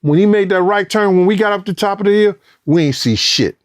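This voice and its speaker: Guy telling a wild story in an interview, bit high-pitched, swears a lot, does the voices and the sounds, dry mic. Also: brisk, dry recording. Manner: profane, acts out quotes and sounds, rising excitement. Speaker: former bodyguard recounting events.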